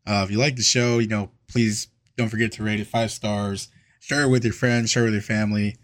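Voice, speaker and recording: A man's voice: fairly low pitch, level tone, fairly quick. A man co-hosting a casual podcast, swearing constantly and ranting in exasperation. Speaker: podcast co-host. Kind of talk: casual profane chat.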